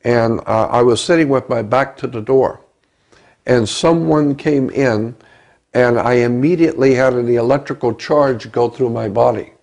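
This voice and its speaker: An older man with a gravelly voice tells a story from his own life in an interview. He speaks slowly and haltingly and often stumbles over his words. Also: mid-range voice, steady tone, darkish tone. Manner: halting, repeats words, slow. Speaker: interview guest. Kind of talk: recounting a personal story.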